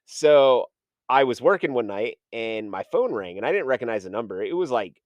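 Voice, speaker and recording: A man's voice: mid-range voice, animated, normal speed, dry recording. A man who is a podcast guest, telling a casual, rambling story full of "like" and "um" and acting out his own past conversations.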